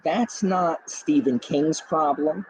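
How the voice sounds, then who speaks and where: A man hosting a casual book chat, talking in animated, ranting bursts with faint background noise. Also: a little high, slow pace, rough recording. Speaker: booktube host. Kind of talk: casual chat on a group video call.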